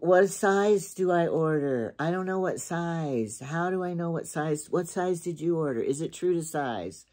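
An older woman with a low-pitched voice talks in a loose, chatty way. She rambles and repeats herself, thinking aloud as she goes through her shopping haul. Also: a little mellow. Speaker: shopping vlogger. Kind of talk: casual chat.

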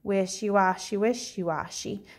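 A woman voicing a grumpy male farm pig in a storybook read-aloud, squealing high as he complains. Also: fairly even intonation, a little slow, close to an everyday voice. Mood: complaining.

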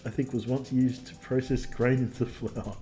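A man's voice: medium pitch, little pitch movement, normal speed, over music. A man streaming a dating game, reading it aloud with wry, jokey asides. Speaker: let's play streamer.

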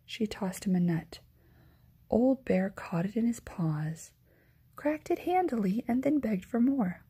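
A woman reading a children's story aloud in a hushed, gentle ASMR whisper. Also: fairly high pitch, expressive, measured pace. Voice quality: breathy whisper.

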